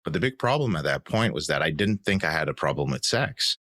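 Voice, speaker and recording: A man's voice: extremely low pitch, very animated, a little fast, fairly bright tone, no echo. A man in his thirties, a podcast guest, telling his personal story in an earnest, reflective way. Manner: earnest, reflective, acts out quoted voices.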